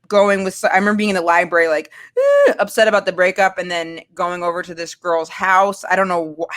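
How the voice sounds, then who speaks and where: A woman's voice: mid-range voice, a bit bright. Woman from Maine, 30s, candid, rambling storyteller, casual chat. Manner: candid, rambling with many fillers and restarts. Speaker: guest.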